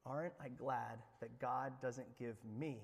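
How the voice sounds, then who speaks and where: A man preaching a sermon to a congregation, animated and conversational, swinging between loud excitement and hushed earnestness. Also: medium pitch, unhurried, gravelly. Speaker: pastor. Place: church sanctuary. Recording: long reverb of a church hall.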